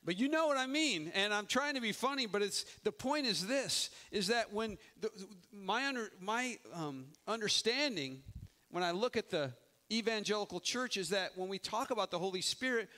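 Middle-aged man, pastor, sermon delivery, high voice with a bright edge, emphatic and conversational. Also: lively intonation, moderate pace. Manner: conversational, emphatic preaching with frequent restarts.

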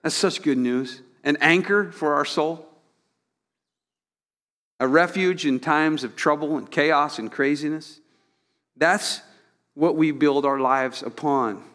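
A man's voice: a little high, slow pace, long pauses, a bit bright, big-room sound. A man preaching a sermon in a church. He talks in a conversational way, repeats words and asks rhetorical questions. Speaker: pastor.

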